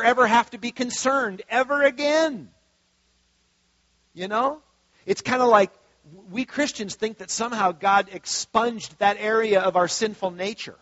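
A man's voice: sits high, fairly bright tone, no room sound, dull audio. A man preaching a sermon as pastor in a conversational way, with frequent asides and restarts.

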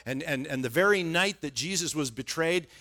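A man's voice: on the high side, moderate pace, pushed and bright. A middle-aged man preaching a sermon in a conversational way, often repeating words as he starts a thought. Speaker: pastor.

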